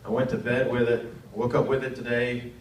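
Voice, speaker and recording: This clip features a North Carolina comedian in his thirties, mocking himself onstage at an arts center while jumping into quoted voices to a laughing crowd. He speaks briskly in a mid-range voice that barely moves in pitch. Loud hiss and room echo come through, as if miked from far away.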